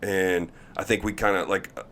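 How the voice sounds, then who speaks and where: A man in his thirties tells a story in a lowish voice. He is animated and laughs as he talks, acting out everyone's lines himself. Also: normal speed, a little hiss or hum. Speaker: former pro baseball pitcher, podcast guest. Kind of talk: casual storytelling chat.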